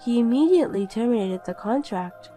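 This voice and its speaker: Woman doing a calm young woman, cool and pointed, higher voice, animated story voice-over, faint music behind. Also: brisk, close to an everyday voice.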